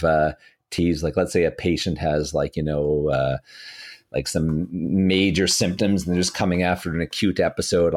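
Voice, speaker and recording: A man co-hosting a podcast, telling a work story in a relaxed, rambling way. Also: deep voice. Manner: relaxed, rambling, many fillers and restarts. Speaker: physiotherapist podcast co-host.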